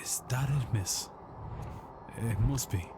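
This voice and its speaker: An actor playing a calm adult male investigator in a video game, asking quiet, measured questions. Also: medium pitch, a little hiss or hum, natural voice. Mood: hushed. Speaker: game protagonist. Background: game music.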